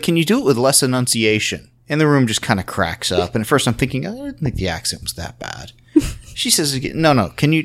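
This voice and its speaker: A man hosting a podcast, casually recapping a convention panel in an animated storytelling way. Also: medium pitch. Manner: animated storytelling, acts out quotes. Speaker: podcast host.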